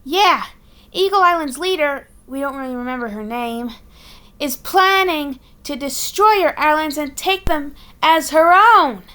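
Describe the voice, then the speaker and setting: A woman's voice: high voice, unhurried, pushed and bright, pitched above the performer's own voice. A woman voicing a tired young male eaglet with a Boston accent who gives blunt warnings. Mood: urgent.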